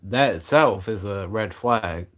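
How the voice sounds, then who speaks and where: Low-voiced man thinking aloud. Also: takes it slowly. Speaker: livestream co-host. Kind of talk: casual livestream chat.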